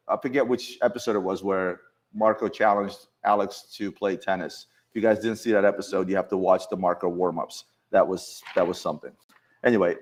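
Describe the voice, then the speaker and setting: A man hosting a casual chat with coworkers in an office, telling stories in an animated way and often restarting his sentences. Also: lowish voice. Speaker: show host.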